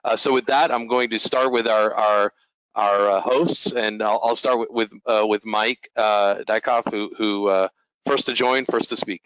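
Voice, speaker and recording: A man's voice: on the low side, fairly even intonation, unhurried, a bit bright, no room sound, dull audio. A man moderating an online panel, hesitating and repeating words as he calls on each speaker.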